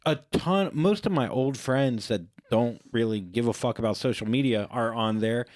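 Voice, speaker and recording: A man co-hosting a podcast, telling a rambling story in casual chat and acting out quoted voices in a higher pitch. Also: normal speed, darkish tone, dry recording, clean studio sound. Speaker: podcast co-host.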